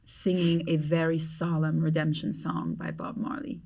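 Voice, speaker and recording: A middle-aged woman from Grenada with a Grenadian accent, a podcast guest telling a story in an animated way and acting out the voices she quotes. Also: low voice, moderate pace, creaky, recorded from a distance. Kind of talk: storytelling in conversation.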